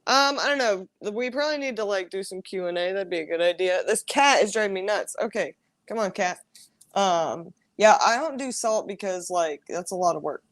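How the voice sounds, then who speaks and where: A woman's voice: medium pitch, expressive, fairly quick. Chatty woman hosting a casual stream. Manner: chatty, rambling, upbeat. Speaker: host. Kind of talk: casual livestream chat.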